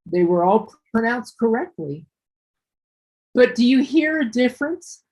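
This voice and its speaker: Woman, English teacher, patient explaining, breathy tone. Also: fairly high pitch, animated, darkish tone, poor audio. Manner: patient, explains slowly with repeats and restarts. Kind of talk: one-on-one online ESL lesson.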